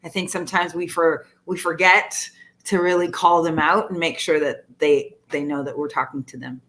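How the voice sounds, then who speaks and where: A woman's voice: low-pitched, steady tone, moderate pace, fairly bright tone. A woman on a panel giving practical advice. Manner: practical, advising.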